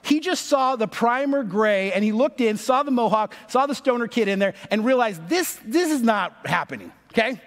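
A man in his thirties, a pastor telling a story in a sermon, animated and acting out the voices of the people in it. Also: extremely high pitch, moderate pace, hardly any pauses. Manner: animated, acts out voices in stories. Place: church sanctuary. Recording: long reverb of a large hall.

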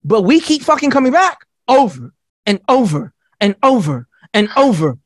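Podcast guest, male, high voice, dry close sound; profane, animated rambler. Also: normal speed, no room sound. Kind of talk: casual podcast conversation.

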